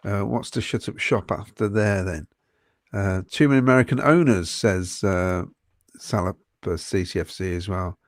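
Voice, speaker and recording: A man's voice: lowish voice, normal speed, no echo, clean studio sound. A man co-hosting a fan podcast, reading out viewer comments with frequent ums and chuckles in casual chat.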